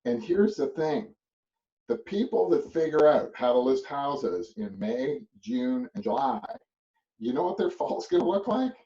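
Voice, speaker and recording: A man giving a motivational real estate business talk, animated and storytelling, with lots of restarts and tag questions. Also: mid-range voice, measured pace, distant mic. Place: a web call. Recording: muffled audio from off mic.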